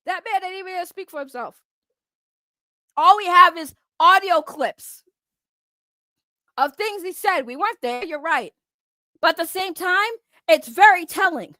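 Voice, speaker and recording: A woman's voice: very high voice, animated, measured pace, pauses often, pushed and bright, dry recording, studio quality. A woman giving a heated, profane, confrontational rant to camera, repeating her points for emphasis. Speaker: online commentator. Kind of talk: heated ranting vlog.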